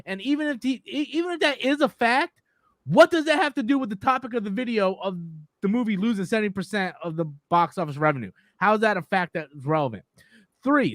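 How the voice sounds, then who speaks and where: A man's voice: high voice, lively intonation, a little fast, no echo, clean studio sound. A man hosting a live movie talk stream, ranting casually, exasperated, repeating himself and swearing freely.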